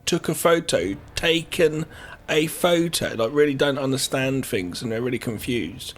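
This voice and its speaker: A man's voice: mid-range voice, normal speed. A man co-hosting a podcast, giving his opinions on a film in loose, rambling casual chat. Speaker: podcast co-host.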